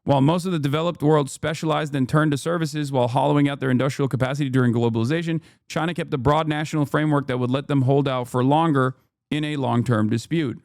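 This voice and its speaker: A man in his thirties giving casual, sarcastic commentary on the news, swearing and breaking into loud mocking voices. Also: quick pace, dry recording, clean studio sound. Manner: animated, sarcastic, swears, mocks others in loud shrill put-on voices. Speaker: political streamer reacting to news.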